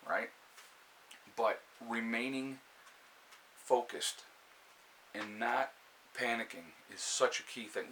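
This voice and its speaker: Calm, bright-toned New York man. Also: lowish voice, unhurried, long pauses, slight background noise, rough recording. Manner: calm, steady advice with frequent fillers and restarts. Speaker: prepper channel host. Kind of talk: casual live-stream talk to viewers. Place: indoors by a fire, with a cat nearby.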